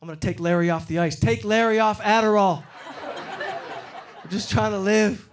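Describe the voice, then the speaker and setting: A middle-aged man from Detroit doing a stand-up comedy set on stage, getting loud and animated when he acts out other people. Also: high voice, normal speed. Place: comedy stage before a live audience. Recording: live show with loud crowd laughter. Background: crowd laughing.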